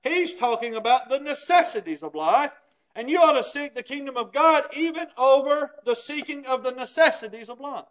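Preacher, male, very high voice, emphatic teaching sermon delivery. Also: expressive, moderate pace, fairly bright tone. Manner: emphatic, explains scripture with everyday examples.

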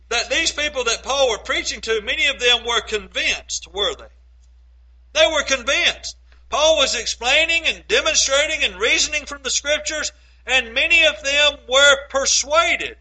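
A man preaching a sermon, quoting scripture and swinging between loud, emphatic phrases and low, quiet asides. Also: rough recording.

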